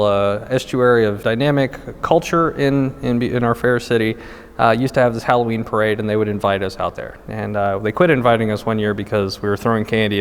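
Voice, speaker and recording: Middle-aged guy telling a wry story, bit of a hall tail on it, lots of uhs and restarts. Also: on the low side. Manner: wry, self-mocking, with frequent fillers and restarts. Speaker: guest storyteller. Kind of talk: casual anecdote telling.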